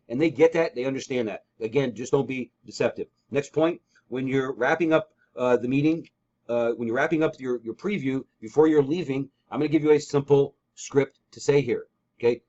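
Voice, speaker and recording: A man's voice: medium pitch, a little fast, dark tone. A man giving an emphatic coaching talk on a training call, repeating key points and acting out sample scripts. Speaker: real estate trainer. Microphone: call recording. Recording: dull lo-fi call audio.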